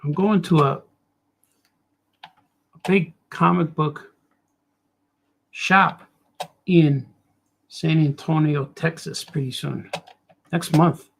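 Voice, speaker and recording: Gravelly middle-aged man rambling while drawing. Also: a little high, fairly even intonation, takes it slowly, long pauses. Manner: joking, self-mocking asides. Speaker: cartoonist streamer.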